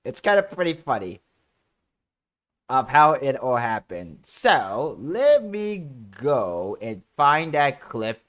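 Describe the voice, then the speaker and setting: Rambling, animated male stream host. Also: mid-range voice, takes it slowly. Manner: excitable, rambling with many fillers. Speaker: co-host of a talk and news stream. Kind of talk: casual live-stream chat.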